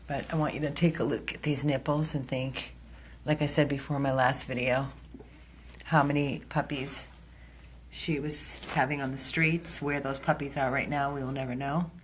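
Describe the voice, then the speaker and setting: A woman's voice: rumbling low, fairly even intonation, normal speed, a little hiss or hum. A woman from an animal rescue, filming indoors on a handheld phone and talking earnestly and emotionally straight to her viewers. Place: indoor room.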